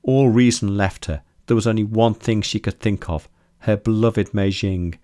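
A man reading a story aloud in steady, measured scripted narration. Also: fairly low pitch, no echo, studio quality. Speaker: audiobook narrator.

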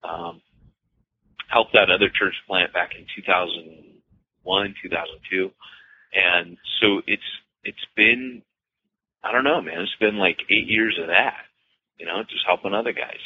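A man's voice: low-pitched, measured pace, pauses often. A man co-hosting a podcast about church planting, talking loosely and jokingly with many fillers and restarts. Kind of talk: casual chat. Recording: dull lo-fi podcast audio with faint noise.

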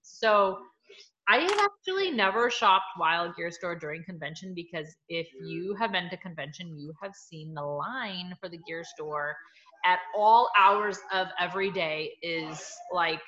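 A woman hosting a casual group chat, chatty and quick with asides and laughter. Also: fairly low pitch, animated, a bit bright, reverberant. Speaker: podcast host. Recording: dull lo-fi call audio with faint noise.

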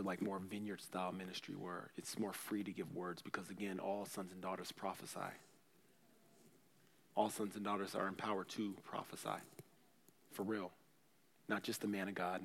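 A man, a pastor, preaching a sermon in a casual, conversational way, swinging between loud bursts and quiet asides. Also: deep voice, little pitch movement, a little fast, in a large hall, slight background noise.

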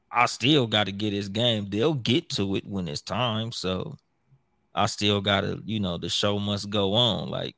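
A man's voice: lowish voice, vocal fry, pushed and bright, no room sound. A man who hosts his own show, chatting casually in a profane, rambling way with many restarts. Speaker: podcast host. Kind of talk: casual chat.

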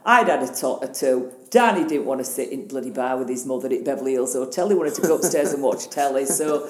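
A Northern English woman in her sixties, a guest telling a personal story in an interview, blunt and animated, swearing freely. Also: very deep voice, fast, reverberant. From Northern England. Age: 60s.

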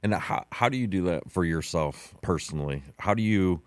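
A male podcast host with a very low voice, asking his questions in a halting way and dropping in short affirmations. The sound is dry and close, with no room echo. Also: lively intonation. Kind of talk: interviewer, casual questions.

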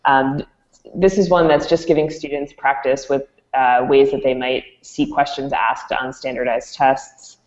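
A woman's voice: extremely low pitch, steady tone, unhurried, a little mellow. A woman presenting and explaining an educational product in an interview, with frequent ums. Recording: dull, echoey room audio.

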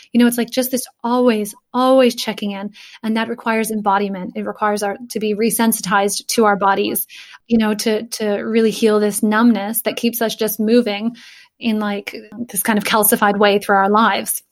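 A woman's voice: medium pitch, level tone, moderate pace. A woman speaking earnestly and emotionally in a casual podcast conversation, thinking aloud with many fillers.

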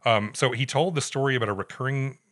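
A man's voice: mid-range voice, fast, a bit bright. A man co-hosting a podcast, telling a story in a wry, casual way and reading quotes aloud. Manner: wry, reads quotes aloud with put-on voices. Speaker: podcast co-host.

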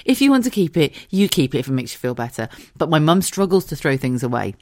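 A woman in her thirties chats through an embarrassing story, swearing freely and breaking into laughter. Her voice sits on the lower side but leaps up and down with feeling. The sound is close and dry. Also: very animated, fast talker, a little mellow, dry recording. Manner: frank, sweary, laughs often while telling stories. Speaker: podcast host. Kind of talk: casual storytelling monologue.

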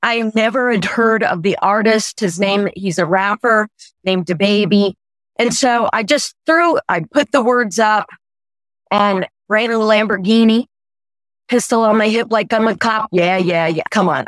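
A woman in her sixties from the United States speaks as a guest on a podcast, teary-eyed but eager, telling her story with effusive warmth. Her voice sits in a middle range. It is close and dry, with no room sound. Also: mid-range voice, measured pace, no echo. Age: 60s. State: teary, weepy. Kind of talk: conversational storytelling.

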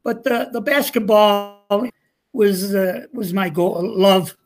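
A man's voice: high voice, slow pace. An older man, a retired coach, telling folksy anecdotes in a casual interview, often chuckling and slipping into quoted dialogue. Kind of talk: casual storytelling.

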